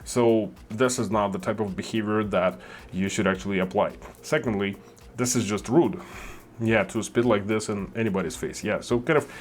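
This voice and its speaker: A man in his thirties from Russia with a Russian accent, hosting a reaction video and talking it through slowly with many fillers. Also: on the low side, steady tone, slight background noise. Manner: thoughtful, hesitant, many fillers. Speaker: reaction channel host. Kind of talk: reaction commentary.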